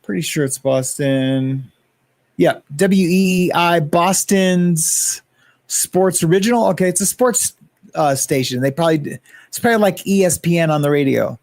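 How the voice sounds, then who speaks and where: A man's voice: a little high, normal speed, a little mellow, no echo. A man hosting a casual livestream, rambling and greeting chat viewers by name. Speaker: livestream host.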